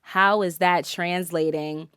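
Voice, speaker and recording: A woman co-hosting a podcast, a mother sharing a family story in a candid, animated, casual way with frequent laughter. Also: fairly low pitch, slow, smooth, no echo. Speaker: podcast co-host; mother of several children.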